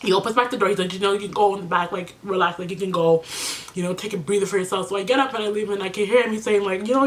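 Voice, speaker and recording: A woman's voice: mid-range voice, rapid-fire. A young woman vlogging casually while doing her makeup, tearful and emotional, saying "like" and "you know" a lot. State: tearful after crying. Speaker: beauty vlogger. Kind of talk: casual get-ready-with-me chat.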